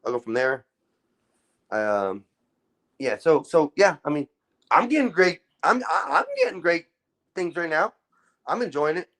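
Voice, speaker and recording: A man's voice: fairly high pitch, expressive, unhurried, long pauses, a bit bright. A man hosting a casual livestream and talking to his chat, often exasperated, with a lot of swearing. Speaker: livestream host. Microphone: phone.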